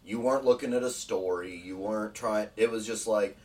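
A low-voiced man chats about games on a podcast, relaxed and earnest, dropping the odd swear. He sounds set back from the mic. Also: fairly quick, recorded from a distance. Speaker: podcast co-host. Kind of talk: casual gaming chat.

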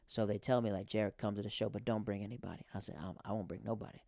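A man's voice: on the low side, fairly even intonation, quick pace, creaky, darkish tone, no room sound. Young male comic host, loose rambling monologue, dry close mic. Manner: rambling, conversational, filler-heavy. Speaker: podcast host and stand-up comic. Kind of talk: casual monologue.

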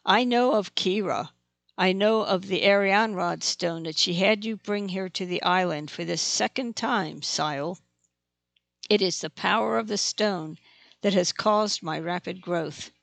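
A huge female dragon speaks in a cold, measured, matter-of-fact way, voiced by an audiobook narrator. The voice is gravelly and sits at a middle pitch. The sound is dry and close. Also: a bit bright, no echo. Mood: intense. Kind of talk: audiobook reading.

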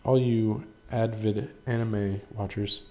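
A man with a fairly low, gravelly voice chats on his own podcast. His tone is dark and relaxed as he rambles, swears freely and pokes fun at himself. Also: takes it slowly. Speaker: podcast host. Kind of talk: casual solo podcast chat.

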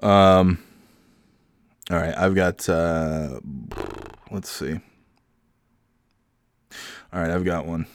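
A man's voice: deep voice, little pitch movement, drawn-out words, long pauses, dry recording. A man hosting a comedy podcast alone, rambling between bits with many fillers and trailing remarks. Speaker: podcast host.

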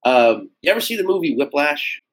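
A young adult man, a comedian guest, talking casually and animatedly with swearing, jumping into high-pitched mock voices. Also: sing-song, brisk, rough recording. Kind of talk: casual podcast chat.

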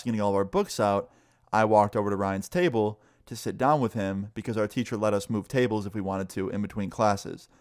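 A man's voice: fairly low pitch, darkish tone, no room sound, clean studio sound. A young man casually telling a story, rambling with lots of "like" and swearing freely. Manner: loose, profane, full of "like".

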